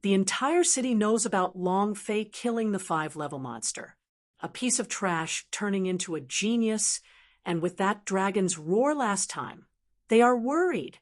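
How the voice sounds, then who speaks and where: Woman reading an anxious younger brother; urgent, plain mid-pitched voice. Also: lively intonation, unhurried, natural voice. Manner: urgent reporting. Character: anxious male younger brother, clan member.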